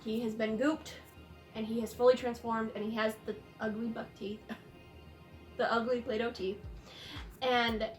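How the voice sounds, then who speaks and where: A young woman with a high, light voice talks through a film in casual chat. She is animated and sarcastic, quick to laugh. Faint music sits underneath. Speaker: host.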